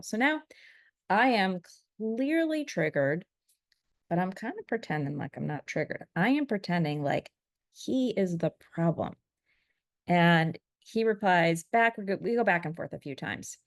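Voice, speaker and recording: A woman's voice: fairly low pitch, moderate pace, no room sound. Candid middle-aged woman, dry close sound. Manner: candid, animated when quoting, laughs at herself. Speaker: vlogger. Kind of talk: reflective personal storytelling.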